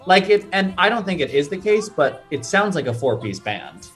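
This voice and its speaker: A male guest chats casually with a lively, moving pitch and an emphatic, agreeable manner. Music sits faintly underneath. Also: moderate pace. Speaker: guest composer. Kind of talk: casual chat.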